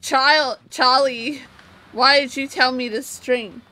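Giggly drunk woman streamer, high and bright. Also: steady tone, slow pace, faint music behind. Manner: loud, rambling, laughing. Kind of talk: casual live-stream chat. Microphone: desk microphone.

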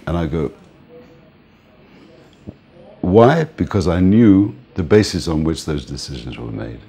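An older man interviewed as a music manager, telling relaxed stories and often laughing and saying "man". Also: a bass voice, moderate pace, breathy edge. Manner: relaxed, reminiscing, often says "man", laughs between points. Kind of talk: casual storytelling interview.

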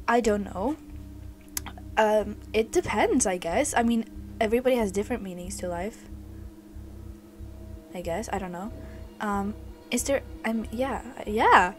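A woman's voice: a little high, unhurried, long pauses, faint music behind. Scared young woman reacting to a horror game. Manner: jumpy, scared, swears and screams. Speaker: gaming video creator. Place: dark home basement.

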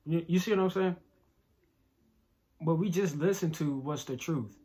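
Husky young man reacting, reflective. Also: on the high side, a little mellow. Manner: halting, reflective, repeats "you know what I'm saying". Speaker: reaction video creator. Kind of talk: casual reaction commentary.

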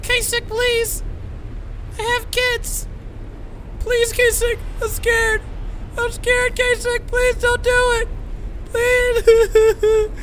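A man putting on the voice of a panicked man who begs frantically for mercy with high, yelping pleas. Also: monotone, drawn-out words, long pauses, a bit bright, a little hiss or hum, heavily acted. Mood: pleading. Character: panicked, pleading young man begging for mercy.

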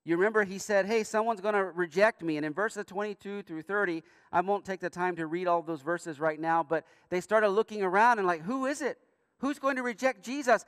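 A man preaching a sermon as pastor in a church, earnest, with emphatic rising bursts and quiet asides. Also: sits high, brisk, hardly any pauses, clear, resonant tone, no echo, studio quality, long reverb tail. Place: church sanctuary.

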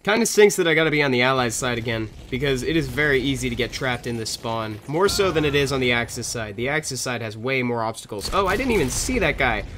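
A young man with a blocked, stuffy nose from a cold talks casually over a shooter game, chatting at the screen and at other players. His voice sits at a middling pitch, and a faint hiss runs under the recording. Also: expressive, quick pace, few pauses, a bit bright. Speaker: gameplay commentator. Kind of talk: casual gameplay commentary.

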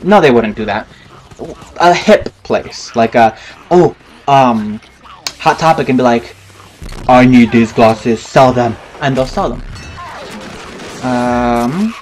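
A man's voice: medium pitch, a little hiss or hum, rough recording. A man giving casual, rambling commentary over gameplay, chatting freely and swearing at opponents. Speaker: gaming commentator.

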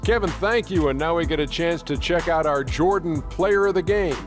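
A man's voice: a little high, normal speed, close to an everyday voice. A man as a polished sports anchor over music. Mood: upbeat. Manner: smooth scripted broadcast delivery.

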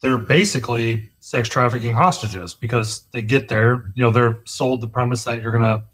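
Man, mid-pitched voice, measured and plain, casual podcast chat. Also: fairly bright tone. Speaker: podcast co-host, army veteran.

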